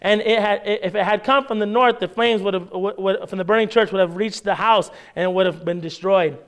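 A man's voice: high voice, brisk. A man preaching a sermon, retelling stories and acting out the characters' voices as he goes. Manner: animated storytelling, acts out the characters' voices.

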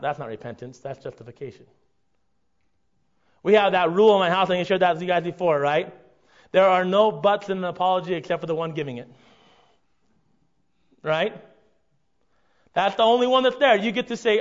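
A man preaching a conversational sermon to his congregation, often checking in with a quick "right?". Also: sits high. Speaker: pastor. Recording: dull lo-fi recording.

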